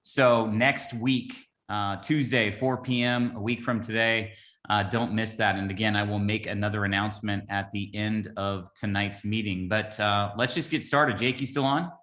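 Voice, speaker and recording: A man hosting a team video call, making brisk, upbeat announcements before handing over to a speaker. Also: on the low side, steady tone, fairly bright tone. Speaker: meeting host.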